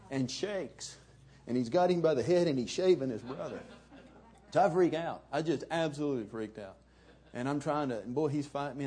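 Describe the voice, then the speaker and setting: A middle-aged pastor with a drawl delivers a sermon in a folksy, conversational way, telling stories to his congregation. His medium-pitched voice is mellow and warm, with a husky edge.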